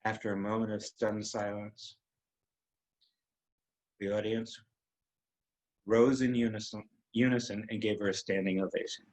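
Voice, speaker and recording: A man hosting a web series, telling a personal story in an emotional, halting way with many pauses. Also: on the low side, flat delivery, a little mellow, low-quality recording.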